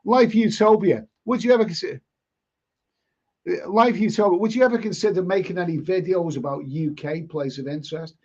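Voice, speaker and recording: A man's voice: high voice, fairly quick, a little mellow, highs cut off. An older man with a Liverpool accent, hosting a live stream and chatting casually as he reads out viewer comments, rambling, repeating himself and swearing bluntly. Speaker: live stream host reading chat. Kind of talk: casual chat.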